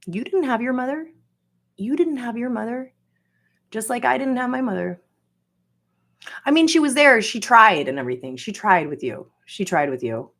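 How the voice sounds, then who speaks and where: A woman's voice: fairly high pitch, sing-song, moderate pace, pauses often, a bit bright. A woman from Florida hosting a podcast, rambling through a profane, venting personal monologue packed with filler words. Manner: venting, incredulous. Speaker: podcast host.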